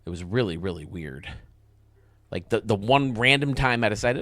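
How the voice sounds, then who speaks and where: A young man with a lowish voice talks through game footage with casual enthusiasm. He sounds close to the mic in a dry, dead room. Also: animated, fairly bright tone, dry recording. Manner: enthusiastic and casual, quick praise. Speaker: host. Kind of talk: video game commentary.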